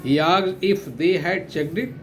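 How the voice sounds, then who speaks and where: Indian male English teacher, slow and deliberate, a little high-pitched, spells words aloud and repeats lines for note-taking. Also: steady tone, a little hiss or hum. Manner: spells out words letter by letter and glosses their meanings. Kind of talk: slow classroom lecture retelling a story.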